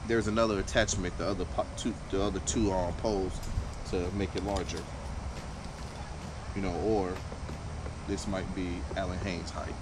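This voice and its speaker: Laid-back man in his backyard. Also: lowish voice. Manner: laid-back, chatty, hypes himself up. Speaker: lawn care channel host. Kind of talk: casual how-to vlog. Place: backyard, outdoors. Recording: outdoor noise.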